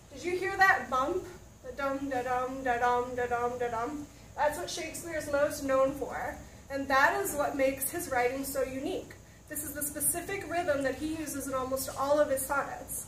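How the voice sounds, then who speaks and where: A woman teaches a classroom lesson in a high voice, stopping often to ask her students questions. She is picked up from across the room, so her voice sounds roomy and distant. A faint hum of the room sits underneath. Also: a bit bright. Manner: checks in with students, asks questions.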